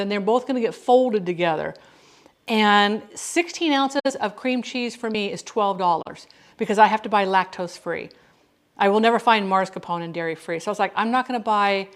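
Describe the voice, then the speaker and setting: A woman hosting a casual cooking livestream from her home kitchen, chatting with viewers by name and often restarting her sentences. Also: fairly high pitch.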